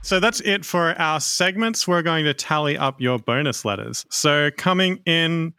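A man hosting a casual comedy podcast game, announcing scores and segments in a brisk, upbeat way. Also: a little high, pushed and bright, clean tone, no echo, studio quality, faint music behind. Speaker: game show host.

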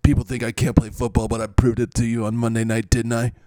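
A man's voice: medium pitch, completely flat delivery, quick pace, warm tone, no echo, close to an everyday voice. A man playing a boastful adult quarterback who keeps repeating his own feats in a self-important way. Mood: defiant. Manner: repetitive, bragging, self-important.

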